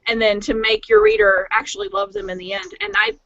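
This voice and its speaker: A woman author chatting on a podcast panel, thoughtful and rambling with many pauses. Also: extremely high pitch, very animated, vocal fry, fairly bright tone. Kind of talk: casual chat. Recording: dry, dull lo-fi audio.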